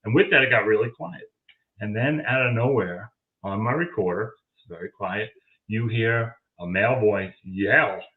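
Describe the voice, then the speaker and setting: This man, a guest who investigates paranormal audio, recounts a tale in easygoing conversation and performs the quoted lines himself. His voice is lowish and his speed normal, and the recording has a tinny, telephone quality.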